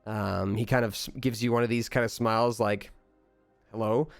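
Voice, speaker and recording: Brief: male game master, low voice, halting and relaxed narration, dry sound, faint music behind. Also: creaky, smooth, no room sound. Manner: relaxed, halting, many fillers.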